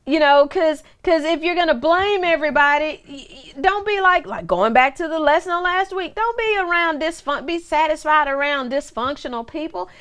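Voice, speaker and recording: A woman minister in her forties delivers a chatty, down-to-earth teaching sermon in a high voice. She circles back on her words, restarts phrases, and tosses playful asides to the person behind the camera. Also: normal speed, hardly any pauses, a bit bright. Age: 40s. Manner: repeats words and restarts often.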